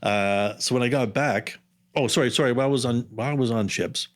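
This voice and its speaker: A man's voice: mid-range voice, a little fast. A man in his fifties, a podcast guest and underwater camera operator, telling stories in a casual, rambling way with many asides. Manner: rambling, jumps around in time with asides. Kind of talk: casual storytelling interview.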